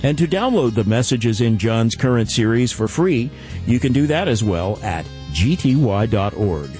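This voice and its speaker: A man hosting a Bible teaching radio program, announcing and reading offers in a smooth announcer delivery. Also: mid-range voice, expressive, moderate pace, a little mellow, faint music behind. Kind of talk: radio broadcast announcing and interview.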